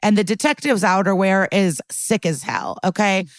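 A woman's voice: mid-range voice, animated, moderate pace, no echo, studio quality. A woman podcast co-host recapping a TV episode in a chatty, blunt way, with lots of fillers and casual swearing.

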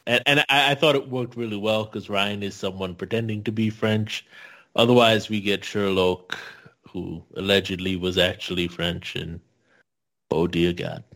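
A man's voice: fairly low pitch, fairly even intonation, normal speed, a bit bright. A man co-hosting a podcast, giving a thoughtful, hedging take with frequent fillers. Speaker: podcast co-host. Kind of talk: casual podcast discussion.

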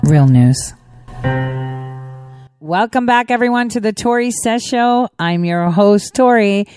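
Smooth-voiced woman hosting a talk show. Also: a little high, steady tone, normal speed, a little mellow, no room sound, studio quality, faint music behind. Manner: rambling, conversational, with many asides. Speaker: show host. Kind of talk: casual political commentary.

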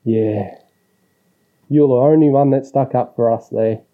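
This Australian man has a medium-pitched voice and talks a little slowly. Calling a podcast's voicemail, he delivers a teasing, crude, rowdy rant full of swearing, heard through muffled voicemail audio.

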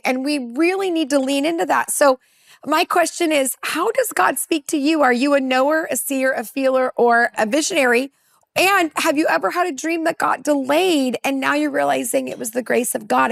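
A woman in her forties from California speaks as a women's pastor on a panel. Her voice sits high and carries a heavy gravelly fry. She tells her story earnestly and acts out bits of dialogue, and the sound is dry, with no room echo. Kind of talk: personal testimony in a panel conversation.

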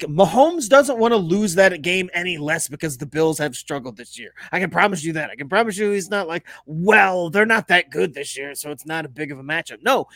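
A man's voice: high voice, no echo, studio quality. A man co-hosting a casual sports podcast, arguing his point hard and swearing freely. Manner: animated, swearing, argues hard. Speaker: podcast co-host.

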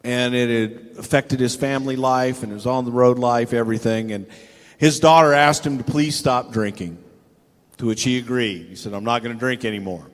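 A man's voice: mid-range voice, fairly even intonation, normal speed, big-room sound. An older man telling a rambling, profane anecdote in a casual chat, acting out the voices of the people he quotes. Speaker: storyteller guest.

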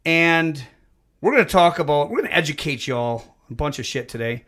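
A man hosting a casual podcast, loud, profane and rambling. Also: fairly high pitch, expressive, a little fast. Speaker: podcast host.

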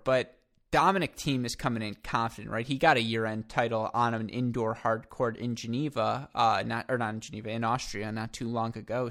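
A man's voice: mid-range voice, fairly bright tone. A man hosting a tennis podcast, chatting casually and reeling off scores and head-to-head stats. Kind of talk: casual sports chat with stats.

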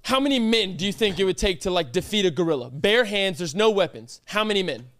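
Young male podcast co-host, animated storyteller, dry studio sound. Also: sits high, fast, no room sound. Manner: animated, swears often, breaks into laughter. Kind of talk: casual storytelling chat.

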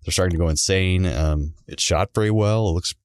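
A man's voice: low voice, fairly quick, clear, resonant tone, no room sound, clean studio sound. A man co-hosting a podcast in loose casual chat, laughing often as he talks. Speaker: podcast co-host.

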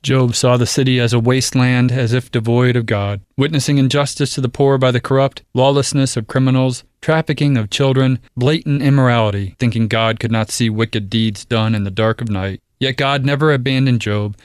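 A man reading a scripted promo in a solemn, deliberate manner. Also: medium pitch, steady tone, smooth, no room sound, clean studio sound.

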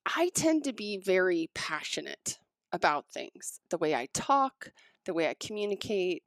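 A woman talking casually as a podcast co-host, excitable and animated as she tells stories. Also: fairly low pitch, measured pace, no echo. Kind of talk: casual chat.

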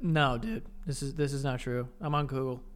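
A young man co-hosting a casual podcast chat, excitable and sweary, his voice leaping up when he gets outraged. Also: medium pitch, moderate pace, soft background music. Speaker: podcast co-host.

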